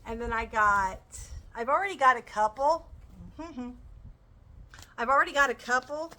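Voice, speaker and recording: A woman's voice: on the high side, a little slow, bright, forceful tone, rough recording. A woman chatting enthusiastically as she shows off her crochet purchases. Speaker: crochet vlogger. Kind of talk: casual show-and-tell chat.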